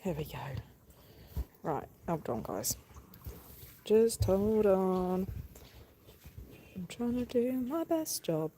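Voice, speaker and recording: A woman's voice: mid-range voice, very animated, slow, long pauses, mellow, a little hiss or hum. A young woman farmer chatting casually on a livestream, affectionate and apologetic toward viewers, recorded on a phone camera in a barn. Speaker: farmer livestreaming a calving watch. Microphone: phone camera on a tripod. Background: birds and animal sounds.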